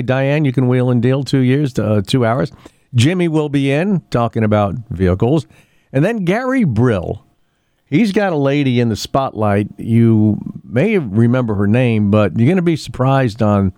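A man's voice: mid-range voice, a little mellow, dry recording, studio quality. A man hosting a casual local radio show, chatting in a rambling way with many fillers and restarts. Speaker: radio host. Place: radio studio.

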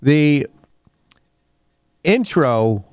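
A man's voice: fairly high pitch, sing-song, very slow, darkish tone, smooth, no room sound, clean studio sound. A man hosting a casual local radio show, chatting in a rambling way with many fillers and restarts. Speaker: radio host. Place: radio studio.

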